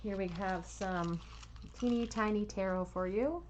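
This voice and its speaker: Gentle woman giving a tarot reading. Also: medium pitch, measured pace, slight background noise. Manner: gentle, soothing, reassuring talk with soft laughs. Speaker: tarot reader. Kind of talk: pick-a-card tarot reading.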